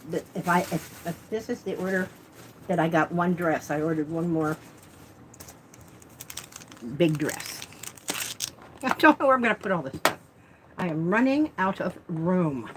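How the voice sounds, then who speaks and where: A woman's voice: on the low side, noisy background. A woman vlogging as she unboxes art supplies, chatting and rambling with self-deprecating asides. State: talking with mouth full. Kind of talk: casual unboxing chat.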